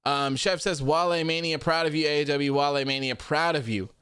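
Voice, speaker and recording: A man's voice: on the high side, fairly even intonation, a little fast, fairly bright tone, clean tone, no echo, studio quality. A man hosting a wrestling post-show livestream, reading viewer comments aloud in a friendly, upbeat casual chat and thanking viewers often. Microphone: desk microphone.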